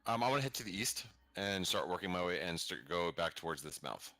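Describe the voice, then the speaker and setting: A man with a very deep but bright voice describes his moves as a player at a tabletop game. He hesitates and thinks out loud, on a dry close mic. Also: lively intonation, a little fast, no room sound. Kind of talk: casual tabletop game chat.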